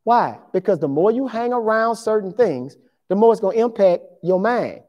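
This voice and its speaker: A pastor in their fifties, preaching a sermon in an emphatic, conversational way with quick asides to the congregation. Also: medium pitch, expressive, dull audio. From Louisiana, USA. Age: 50s.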